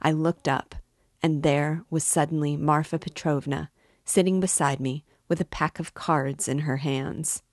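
A sly middle-aged landowner, read by a woman rambles in a confiding, oddly offhand way. The voice sits low and moves slowly. The sound is dry and close. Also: steady tone, a little mellow, no room sound. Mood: musing. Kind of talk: reading a novel aloud.

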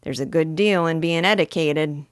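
A woman's voice: deep voice, normal speed, no room sound, studio quality, close to an everyday voice. A woman voicing a cheeky male cockney burglar who drops his aitches and drawls slang. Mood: gruff.

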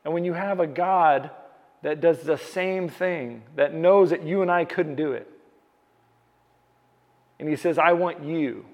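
A man's voice: a little high, measured pace, pauses often, darkish tone. A man preaching a sermon as pastor, earnest, restarting and repeating key phrases for emphasis. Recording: long hall reverb.

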